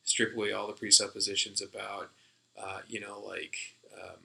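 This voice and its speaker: A man with a low, very bright voice talks through an idea in casual conversation. He rambles and restarts, with plenty of fillers. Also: flat delivery, normal speed, creaky, rough recording. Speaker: podcast co-host. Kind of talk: casual discussion.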